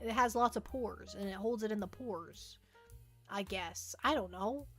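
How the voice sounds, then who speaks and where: Faint music sits behind this woman's unhurried, medium-pitched voice, which has a fairly bright tone. She's hosting a livestream, chatting casually and wandering off topic as she takes viewer questions, repeating herself and poking fun at herself often.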